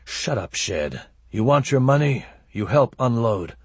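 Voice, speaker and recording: Brief: narrator playing a ruthless hard man, low and husky, snapping short commands. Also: sing-song, a little slow, no room sound, exaggerated voice. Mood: harsh. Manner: blunt, clipped orders. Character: hard, curt foreign man, cold-blooded.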